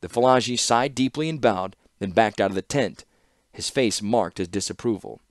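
A man's voice: lowish voice, normal speed, dry recording. Man narrating an audiobook, dry close sound. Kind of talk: audiobook-style reading.

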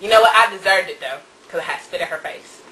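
A woman in casual group banter, telling a childhood story in an animated way and often laughing. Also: on the low side, fast, far from the mic, slight background noise, rough recording. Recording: voice from away from the mic.

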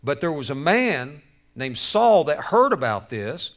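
Man, high voice, lively sermon, acts out the story, jokes with audience. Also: a little slow. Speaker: speaker to youth on bullying.

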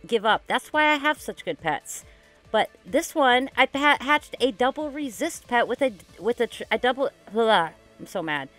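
A woman vlogging her gameplay casually, excitable and dramatic, rambling with lots of "like". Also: fairly high pitch, normal speed, soft background music. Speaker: gaming YouTuber. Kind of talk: casual game commentary vlog.

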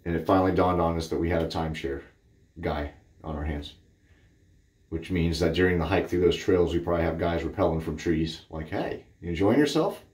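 This man's low, slightly mellow voice moves little in pitch, and he speaks a little fast. A shaving vlogger from Cape Cod, Massachusetts, he casually reviews a shaving product in his bathroom, blunt, rambling, and candid, amid a roomy echo.

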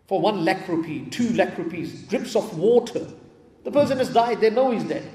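A man with a fairly high voice tells stories in a sermon and repeats his key phrases to drive them home. He is from England. His voice rings through a roomy hall with a long, lingering reverb. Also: expressive, a little fast, dark tone. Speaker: preacher. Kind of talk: storytelling sermon. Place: mosque hall.

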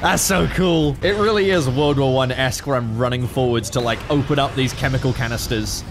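A man with an Australian accent giving excitable, casual commentary while playing a strategy game, swearing freely and yelling at his units. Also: mid-range voice, brisk, slight background noise. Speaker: gaming streamer. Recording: commentary over game audio with music.

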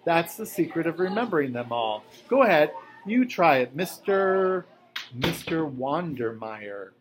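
A man reading aloud, voicing a cheerful, lonely old retired electrician who gets childishly excited. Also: a little high, measured pace, background noise, pitched above the performer's own voice. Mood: eager.

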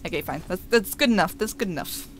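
A woman's voice: lowish voice, lively intonation, quick pace, slight background noise. A woman streamer chatting casually over gameplay, giggling often and talking to her chat.

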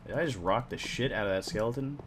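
A man giving casual gameplay commentary as host, excitable, swearing casually and talking to himself. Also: medium pitch, fast. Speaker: let's play host. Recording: clear background noise.

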